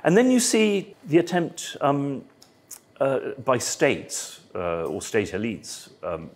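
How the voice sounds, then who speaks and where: A man speaking at an academic roundtable, halting and digressive, with dry asides. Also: mid-range voice, animated, darkish tone. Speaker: roundtable panelist. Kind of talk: academic panel discussion. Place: symposium panel.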